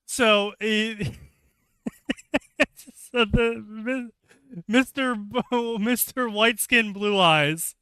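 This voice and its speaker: A man's voice: high voice, very slow, long pauses, bright, forceful tone, clear, resonant tone, no echo. A man retelling a video game plot for comedy, laughing a lot and dropping into silly voices for the characters. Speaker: co-host recounting a game plot. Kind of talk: comedic casual retelling with acted quotes.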